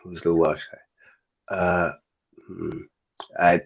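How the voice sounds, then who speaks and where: A man leading casual chat on a panel, halting and hesitant, with many fillers. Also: deep voice, little pitch movement, vocal fry, breathy edge. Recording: dull lo-fi sound.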